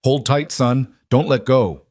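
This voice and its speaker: A man's voice: medium pitch, takes it slowly, a little mellow, no echo, studio quality, voice pushed up. A man voicing a weary, determined frontier cowboy who pleads with and orders his son to hang on. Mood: urgent. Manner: pleading and commanding to keep his son awake.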